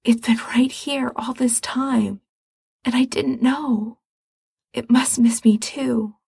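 A woman's voice: mid-range voice, moderate pace, gravelly, husky, no echo, studio quality. Woman whispering as a wistful male forest spirit. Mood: awed whisper. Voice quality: whispery, hushed.

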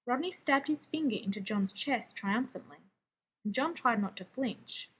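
A woman narrating a story aloud in a steady, expressive reading. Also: fairly high pitch, moderate pace, slightly rough, rough recording. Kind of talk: fan fiction audiobook reading.

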